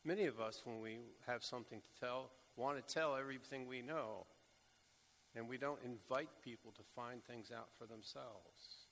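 A man preaching a sermon, speaking slowly and deliberately with bursts of urgent emphasis. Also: mid-range voice, fairly bright tone, slight background noise. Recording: echoey hall with long reverb.

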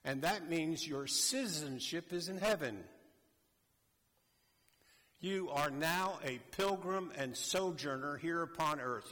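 A man preaching a sermon slowly and emphatically, addressing a congregation. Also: fairly high pitch, a bit bright. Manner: slow, deliberate, emphatic preaching. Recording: long hall reverb.

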